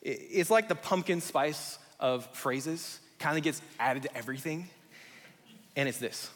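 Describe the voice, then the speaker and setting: A man's voice: a little high, unhurried. A man in his thirties preaching a sermon, explaining scripture and telling stories with acted-out quotes. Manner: animated storyteller, acts out quotes. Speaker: pastor. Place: church sanctuary. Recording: long hall reverb.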